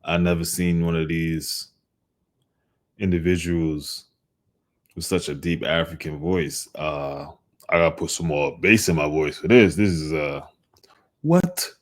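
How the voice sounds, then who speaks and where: A man's voice: rumbling low, steady tone, unhurried. A man hosting a reaction commentary, talking casually with sarcastic asides. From United States. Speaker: commentary host reacting to clips.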